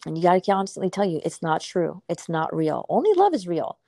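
Woman, life coach, gravelly low voice, dry close sound, emphatic casual talk. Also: sing-song, a little fast, warm tone, no echo. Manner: effusive, emphatic, swears casually. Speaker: purpose coach. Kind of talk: casual podcast conversation.

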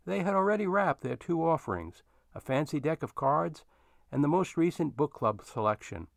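A man narrating a story in an expressive storytelling manner. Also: fairly high pitch, moderate pace, gravelly, no room sound, clean studio sound.

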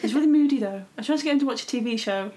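A young woman co-hosting a casual chat, telling stories in an animated way and acting out what other people said. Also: fairly high pitch, racing, a little hiss or hum. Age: young adult.

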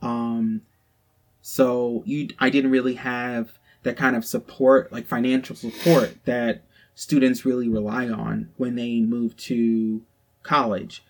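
This podcast co-host is a young Southern man whose medium-pitched voice is flat and slow. He tells his co-host a personal story in a frank, casual, profane way, peppering it with "like."

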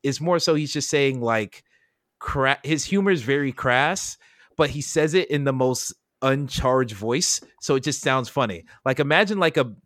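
A young man co-hosting a podcast, chatting casually with loose, profane, excitable storytelling. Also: medium pitch, moderate pace, no echo, clean studio sound. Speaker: podcast co-host.

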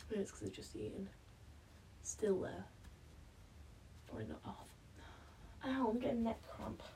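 Woman, breathless, self-mocking, slow chatty vlog talk, faint noise behind. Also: medium pitch, sing-song, a little mellow, rough recording. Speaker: vlogger. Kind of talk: casual self-talk while building a blanket fort.

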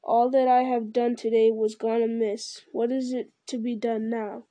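A woman's voice: a little high, level tone, moderate pace, warm tone, no room sound, lightly acted. A woman voicing a grave, burdened male ranger and leader, speaking in a solemn, weary way.

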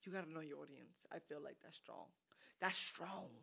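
A woman's voice: low voice, moderate pace, vocal fry, background noise. A woman from New York co-hosting a podcast, teasing her friend and quoting others in a casual chat. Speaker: podcast co-host.

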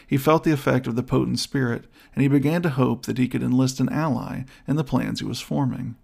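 A man with a gravelly voice narrating a story in a steady, even reading style. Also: medium pitch, brisk, hardly any pauses. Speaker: audiobook narrator. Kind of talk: scripted narration.

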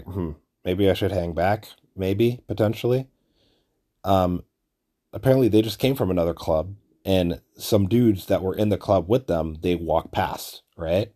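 A man hosting a podcast, telling a rambling, profane story with lots of fillers and restarts, acting out the people he quotes. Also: low voice. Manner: acts out quoted people in animated bursts. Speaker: podcast host. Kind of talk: casual storytelling monologue.

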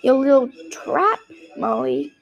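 A woman voicing a bossy, rough-talking teenage orphan girl who snaps at the others. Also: sits high, wildly swooping pitch, slow pace, lo-fi sound, full character voice. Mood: snapping. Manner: snappish, tough street talk.

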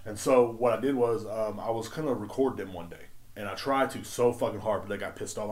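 A man's voice: fairly low pitch, quick pace, hardly any pauses, darkish tone. A man hosting his own podcast, ranting casually with heavy swearing and emphatic outbursts. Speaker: podcast host. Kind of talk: casual profane rant.

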